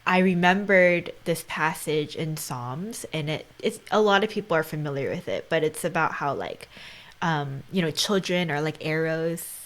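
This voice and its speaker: A woman's voice: low voice, expressive, normal speed, fairly bright tone. A woman in her thirties hosting a podcast, speaking in casual conversation with an earnest tone. She often drops to a near whisper and fills her talk with "like" and "right?". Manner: heavy use of "like" and "right?". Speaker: podcast host.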